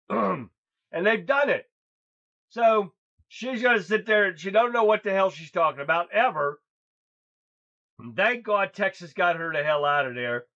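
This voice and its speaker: A man with a high-pitched, sharp voice hosts a political livestream, talking bluntly, crudely, and ramblingly. The sound is dull and lo-fi.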